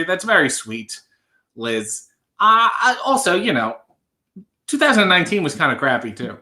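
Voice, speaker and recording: A man's voice: mid-range voice, very animated, a little slow, sharp tone. A man in his thirties hosting a live stream, reading out viewer comments with a dry, offhand humor.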